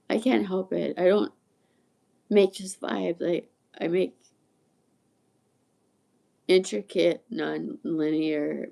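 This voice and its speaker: A woman in her sixties with a gravelly, mellow voice chats loosely to her livestream viewers. She drifts from tangent to tangent and laughs often as she goes. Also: lowish voice. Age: 60s. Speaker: livestream host. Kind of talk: rambling livestream chat.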